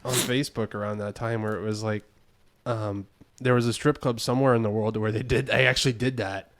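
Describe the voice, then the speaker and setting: Smooth-voiced laid-back male guest. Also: fairly low pitch, steady tone, a little fast. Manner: laid-back, slangy, swears casually. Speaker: podcast guest, musician. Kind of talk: casual chat.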